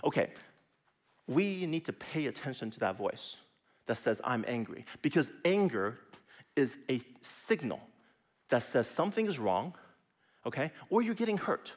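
A middle-aged man preaching a sermon in a conversational way, often dropping to a soft, near-whispered voice for emphasis. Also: mid-range voice, measured pace. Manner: lively, conversational preaching with sudden soft drops. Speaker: pastor.

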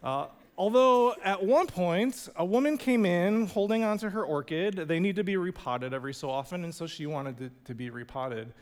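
A man with a high, smooth, resonant voice tells a personal story from the pulpit, loose and funny, sprinkling in "like" as he goes. His words ring out with the long reverb of a big church hall. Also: normal speed, few pauses. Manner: casual, humorous storytelling with many "like" fillers. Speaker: pastor. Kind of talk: storytelling sermon. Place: church sanctuary.

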